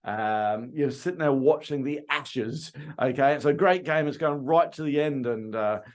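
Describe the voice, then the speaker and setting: This middle-aged Australian trainer has a mid-range voice and an unhurried delivery. Coaching car salespeople, he stays animated as he role-plays calls to customers, quoting each line.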